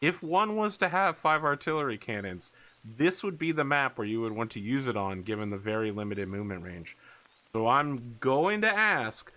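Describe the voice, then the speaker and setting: Bright-voiced man running a tabletop game. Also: mid-range voice, moderate pace. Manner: animated, shouts radio chatter of pilots. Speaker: game master.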